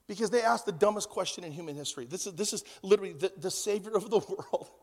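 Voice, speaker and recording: Male pastor, 50s, storytelling sermon; gravelly, long church reverb. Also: high-pitched, quick pace. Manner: storytelling, swings from loud to hushed. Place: church hall.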